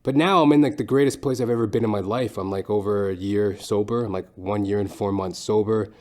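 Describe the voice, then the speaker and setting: A comedian with a fairly low voice hosts his own podcast, talking in a loose, meandering monologue. He swears freely, mocks himself, and drifts from one thought to the next. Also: steady tone, brisk, darkish tone. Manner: profane, rambling, self-mocking. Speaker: podcast host and stand-up comedian. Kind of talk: casual rambling monologue.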